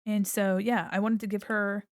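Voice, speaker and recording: A female art streamer with a medium-pitched voice speaks at normal speed with a flat delivery, and there's no room sound at all. Still, she chats playfully with her viewers while drawing at her desk mic, giggling and laughing frequently.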